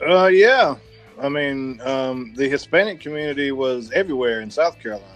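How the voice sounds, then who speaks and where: A man's voice: mid-range voice, expressive, moderate pace, a bit bright, faint music behind. A man co-hosting a podcast, dry and teasing, with plenty of cussing. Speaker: podcast co-host. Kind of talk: casual chat.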